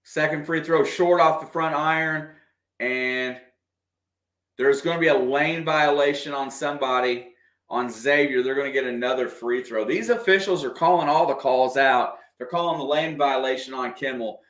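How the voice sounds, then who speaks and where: A man doing casual, partisan play-by-play of a basketball game for a livestream, excitable and quick to react to the officials. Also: mid-range voice. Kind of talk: fan play-by-play commentary. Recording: echoey room.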